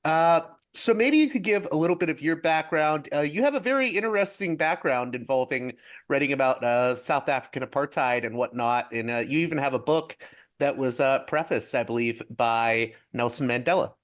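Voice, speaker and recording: A man's voice: mid-range voice, lively intonation, moderate pace. A man hosting a podcast interview, introducing his guest in a conversational way with frequent fillers. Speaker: podcast host.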